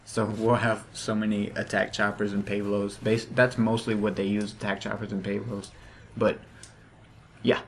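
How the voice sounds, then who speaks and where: Lisping man, flat low gameplay commentary. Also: moderate pace, a little hiss or hum. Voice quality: lisp. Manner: rambling, many fillers and restarts.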